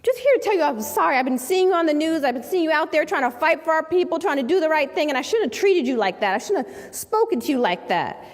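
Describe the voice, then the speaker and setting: A woman's voice: high voice, lively intonation, fast, few pauses, pitched above the performer's own voice. A woman speaker acting out a desperate young man insisting he is innocent, repeating himself as he pleads. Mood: apologetic. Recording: long hall reverb.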